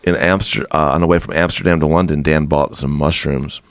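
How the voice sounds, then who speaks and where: A man casually telling a long, animated story, laughing often as he talks. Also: extremely low pitch, brisk, smooth, no room sound.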